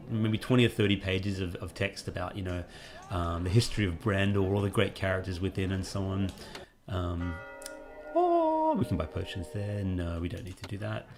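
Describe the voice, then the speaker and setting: Aussie game dev rambling thru a playthrough, low gravelly voice, game music going in the back. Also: male voice. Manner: rambling, relaxed, many fillers. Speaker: game developer. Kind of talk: gameplay commentary.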